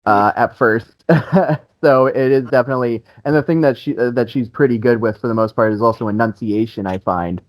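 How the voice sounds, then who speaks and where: A man's voice: medium pitch, a little fast, dry recording. A man being interviewed as a band guitarist, talking in a loose, rambling way with lots of restarts, fillers and frequent laughs. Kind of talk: casual interview chat.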